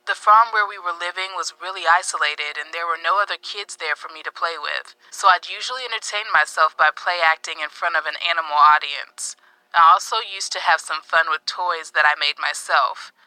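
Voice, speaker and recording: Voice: medium pitch, a little fast, bright, forceful tone, clean tone, dry recording, poor audio. A voice telling as a woman looking back on childhood. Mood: earnest. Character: woman recalling her hard childhood. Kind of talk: scripted first-person storytelling.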